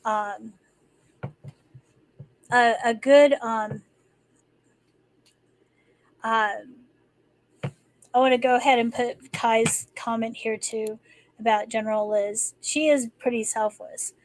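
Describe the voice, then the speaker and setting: Hosting a live stream, a woman chats and rambles, often restarting and using fillers. She speaks slowly in a slightly high, steady voice, pausing often, and the recording is rough.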